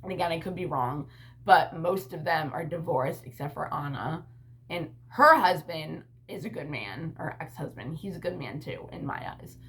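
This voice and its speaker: Bright-voiced woman ranting bluntly. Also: low-pitched, expressive, normal speed. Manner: rambling, blunt and profane, heavy use of "like" and "you know". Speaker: vlogger and mother. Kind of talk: casual vlog rant.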